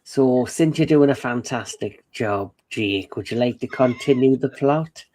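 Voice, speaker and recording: A man co-hosting a podcast, telling a film's plot in a relaxed way and handing the story over to his co-host. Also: mid-range voice, a little slow. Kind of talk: casual plot recap.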